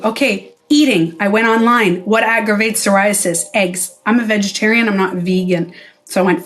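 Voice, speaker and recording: A woman's voice: medium pitch, moderate pace, fairly bright tone. Blunt, swearing woman vlogger. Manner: blunt, swears freely, acts out quoted voices. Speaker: wellness vlogger, former spa owner. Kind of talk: casual direct-to-camera vlog talk.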